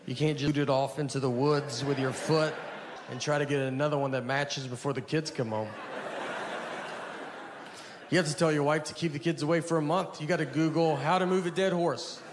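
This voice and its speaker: A middle-aged man doing a stand-up comedy set, telling rambling deadpan stories full of fillers. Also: fairly high pitch, a little fast, noisy background. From United States. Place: stage before a laughing audience.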